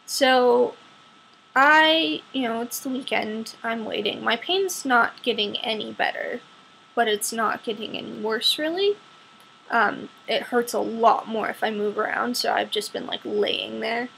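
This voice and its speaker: Young woman vlogger, bright gravelly voice, candid and wry, casual storytelling. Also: on the high side, a little slow, a little hiss or hum, rough recording. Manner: candid, wry, frequent fillers.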